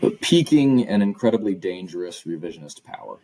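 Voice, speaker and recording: A man, a professor being interviewed, answering in a measured, analytical way with concise phrasing. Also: deep voice, sing-song, mellow, poor audio. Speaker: guest author and professor.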